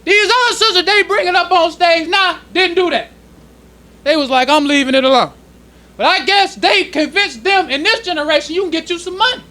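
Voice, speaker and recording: A male minister teaching a sermon to a congregation in plain, casual speech, slowing down when he reads passages aloud. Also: very high voice, sharp tone. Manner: preaching in casual street-level speech, slowing to read quoted passages. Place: temple congregation hall.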